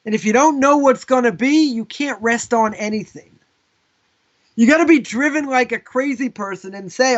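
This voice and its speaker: Rabbi guy teaching live, high voice, chatty and animated, kinda muffled lo-fi audio. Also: normal speed. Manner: casual, animated, with frequent asides. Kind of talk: live lesson with storytelling.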